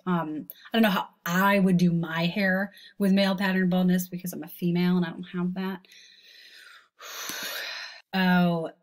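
Snarky rambling woman host. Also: mid-range voice. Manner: snarky, rambling, stammering restarts. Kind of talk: mocking commentary on selfies.

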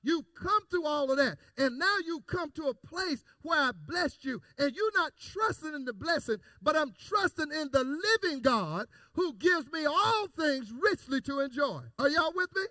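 High-voiced preacher, shouting and lively. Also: male voice, normal speed, hardly any pauses, no echo, clean studio sound. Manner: preaching with rising, shouted emphasis and repeated phrases. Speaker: pastor. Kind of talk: call-and-response sermon.

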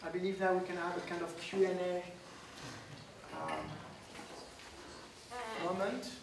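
Speaking up with no mic, a French-accented guest addresses a crowded lecture room in a level, medium-pitched voice at a measured pace, with a few light laughs. The session moves from lecture into Q and A. Because it was recorded from far away, the audio is distant, roomy and noisy.

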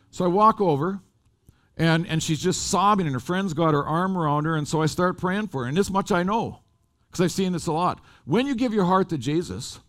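A man preaching at a camp meeting, telling a personal story in an animated, conversational way. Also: a little high. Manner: animated, rising and falling with the story. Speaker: lay preacher. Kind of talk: storytelling sermon.

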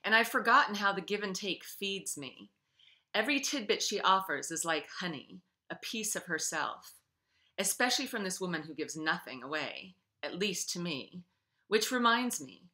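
A woman author reading her own novel aloud in an expressive way, then speaking casually to her listeners. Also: lowish voice, normal speed.

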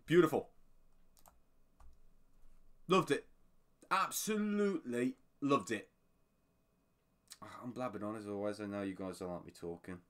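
A man casually commenting on a video he just watched, excitable and rambling. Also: lowish voice, measured pace, long pauses. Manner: excitable, rambling, breaks into laughter. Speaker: video reactor.

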